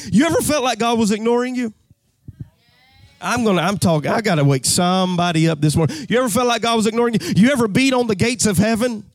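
A man preaching a sermon in a rousing, sing-song cadence that swells into shouts. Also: very high voice, no room sound.

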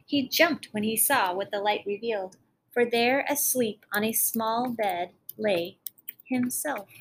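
A woman's voice: fairly high pitch, a little slow, a little hiss or hum, low-quality recording. A woman narrating a fairy tale expressively, with dramatic storybook reading.

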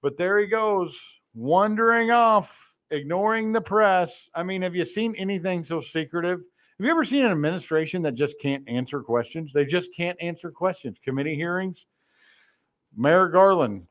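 A man's voice: high-pitched, expressive, moderate pace, a bit bright. A man hosting a political talk show, delivering sarcastic, mocking commentary.

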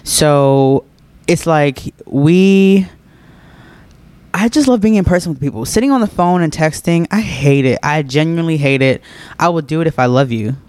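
A man's voice: a little high, expressive, normal speed, darkish tone, smooth. A laid-back young man hosting a podcast, chatting casually and answering listener questions, laughing often and leaning on filler words. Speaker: podcast host.

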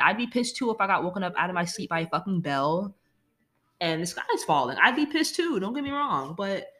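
A woman's voice: on the low side, a bit bright. A woman ranting casually about a movie she hates, exasperated and swearing freely. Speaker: movie reviewer.

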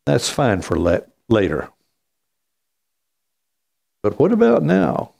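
A man preaching a sermon as pastor, slow and emphatic, with wide swings in pitch. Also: huge pitch swings, vocal fry, darkish tone.

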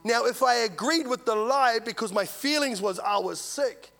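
A man preaching a sermon, telling a story and swinging from loud to hushed. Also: very high voice, normal speed, vocal fry. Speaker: visiting preacher.

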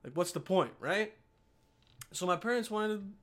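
A man's voice: sits high, expressive, a little slow, fairly bright tone. A man with an American accent, hosting a podcast in a rambling, profane casual monologue, often chuckling as he talks. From United States. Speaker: podcast host.

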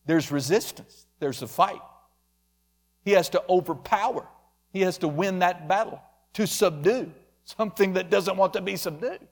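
A man preaching a sermon emphatically, calling out members of the congregation by name. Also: fairly high pitch. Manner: emphatic, addresses listeners by name.

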